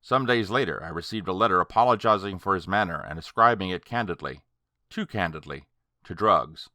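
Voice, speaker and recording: A man narrating a horror story audiobook in a slow, dramatic, deliberate way. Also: sits low, animated, sharp tone, no echo, clean studio sound.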